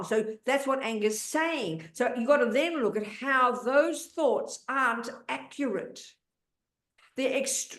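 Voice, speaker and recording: An older woman teaching Buddhist ideas in a blunt, emphatic way, cutting in on her student with questions. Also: on the high side. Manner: blunt, interrupting, emphatic, talks over the questioner. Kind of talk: dharma teaching, question and answer. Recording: roomy echo.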